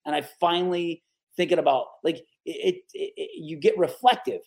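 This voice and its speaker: Animated storyteller, man in his forties. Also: on the high side, moderate pace, creaky. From Capital Region of New York. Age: 40s. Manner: animated, lively storyteller who acts out the people he quotes. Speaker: guest. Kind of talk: casual interview storytelling.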